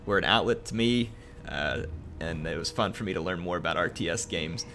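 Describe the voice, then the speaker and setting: A young man with a lowish, bright, forward voice reads a viewer's heartfelt message on his stream. He talks haltingly, with many ums and uhs, earnest and grateful throughout. A faint hiss sits under the voice. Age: young adult. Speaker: gaming streamer.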